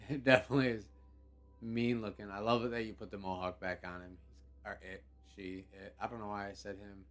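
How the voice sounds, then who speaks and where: A man hosting a live game show stream, talking casually in a relaxed, rambling way with many fillers. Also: lowish voice, a little fast, faint music behind.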